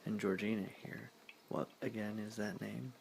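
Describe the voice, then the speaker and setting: In a whispered role-play reading, a man voices a polite, settled young husband. The hushed voice sits low and crackles with heavy fry. The tone stays soft and courteous throughout. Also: fairly even intonation, normal speed.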